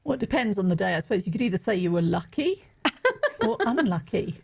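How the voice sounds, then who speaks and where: A middle-aged woman with an English accent, a podcast guest telling quick, witty stories. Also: medium pitch, huge pitch swings, vocal fry, husky. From England. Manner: witty, quick storytelling with laughs. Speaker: guest, executive coach. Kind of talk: casual interview chat.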